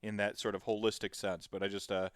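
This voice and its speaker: Rambling male podcast host, smooth voice. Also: on the low side, little pitch movement, quick pace, no room sound, studio quality. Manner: rambling, digressive storytelling. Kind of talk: casual podcast chat.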